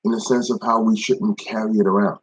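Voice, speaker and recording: A man's voice: lowish voice, level tone, a little fast, husky, poor audio. A young man leading an informal devotional talk, speaking conversationally, repeating phrases for emphasis and greeting viewers by name. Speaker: ministry devotion leader.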